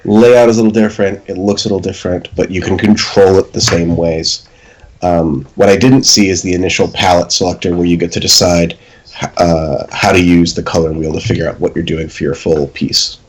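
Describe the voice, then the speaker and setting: Male podcast host, very low voice, relaxed advice-giving delivery. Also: fairly quick, husky, low-quality recording. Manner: relaxed, advisory, self-deprecating humor. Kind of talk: casual chat.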